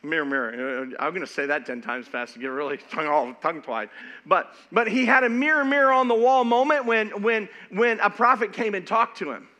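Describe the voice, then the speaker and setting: Animated, bright-voiced male preacher. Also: high voice, brisk. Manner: animated, emphatic, stumbles and repeats words. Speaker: pastor. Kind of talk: sermon.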